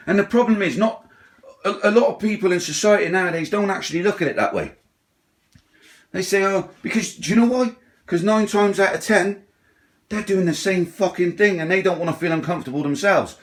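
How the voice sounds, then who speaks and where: A man's voice: high voice, fairly bright tone. A middle-aged man rants bluntly, his slightly raised voice peppered with swearing and mocking impressions of other people. He talks in a loose, rambling way, with frequent asides to the listener. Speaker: ranting vlogger. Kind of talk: profane rant.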